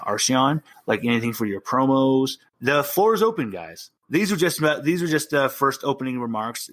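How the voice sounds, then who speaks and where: A man running a tabletop wrestling role-play as game master, narrating and switching quickly between characters. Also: mid-range voice, fairly bright tone.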